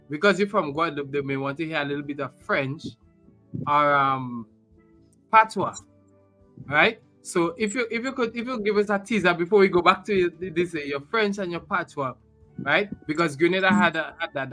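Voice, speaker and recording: A man's voice: a little high, normal speed, bright, forceful tone, soft background music. A male host in a casual interview, encouraging his guest and often checking that he is understood.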